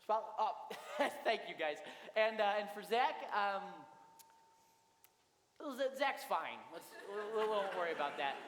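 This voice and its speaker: A young man on a school stage playing a pretentious, stammering high-school drama director who patronizes his students. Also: expressive, a little slow, fairly bright tone. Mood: pompous. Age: young adult. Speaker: drama teacher character in a school play. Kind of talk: stage comedy acting. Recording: echoey school auditorium, faint room noise.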